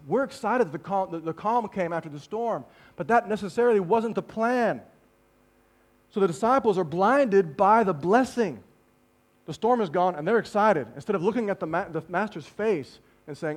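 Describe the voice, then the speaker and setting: High-voiced animated male preacher. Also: normal speed. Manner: animated, dropping to hushed tones for emphasis; speaks to the congregation directly with rhetorical questions. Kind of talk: sermon.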